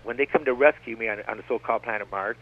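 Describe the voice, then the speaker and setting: A man's voice: mid-range voice, very fast, a little hiss or hum. Rambling man on a phone line. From United States. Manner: rambling, digressive, repeats "like I said". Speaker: radio guest. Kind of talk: rambling radio interview. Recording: tinny phone-line radio broadcast.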